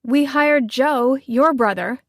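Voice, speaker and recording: Stubborn, loud woman chef, a little higher than the reader's own voice, as the female narrator puts her on; dry, close sound. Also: big pitch swings, normal speed, no room sound. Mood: combative. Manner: loud, insistent, sharp retorts. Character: fierce petite woman chef, bossy and stubborn.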